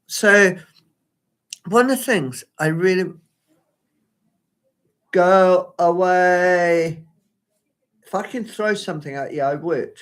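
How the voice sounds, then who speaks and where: Alone at home by a window, a man gives a live solo performance, muttering to himself in a rambling, flustered way. He speaks at a moderate pace in a high, animated voice that sounds pushed and bright.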